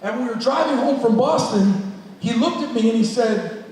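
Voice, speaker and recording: A man's voice: extremely high pitch, lively intonation, moderate pace, a little mellow. A man, a school guidance counselor and coach, telling a motivational story to students and speaking plainly and directly to the audience. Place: large school hall with an audience. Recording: echoey hall, voice from far off.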